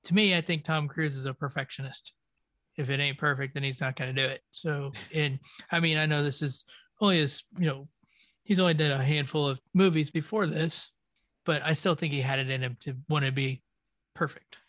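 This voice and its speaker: A man co-hosting a casual film podcast, his voice a little higher than most men's. He talks in a measured, earnest way and chimes in with short agreements. The sound is dry and close. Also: fairly even intonation, fairly bright tone, dry recording. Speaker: podcast co-host.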